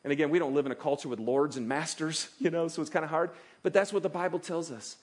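Animated preacher, man with high voice. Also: fast talker. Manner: animated, acts out quoted voices of God and listeners. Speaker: pastor. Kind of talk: sermon.

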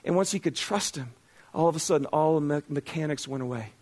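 Pastor, middle-aged man, high-pitched, relaxed and conversational from the pulpit, quizzes his congregation. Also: fast. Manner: conversational, self-deprecating, asks the congregation questions. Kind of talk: sermon.

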